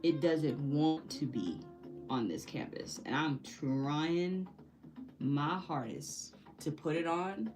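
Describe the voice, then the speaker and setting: A woman's voice: low voice, animated, takes it slowly. A young woman talking casually while painting, frustrated and joking about herself, laughing often. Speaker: painting vlogger. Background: soft background music.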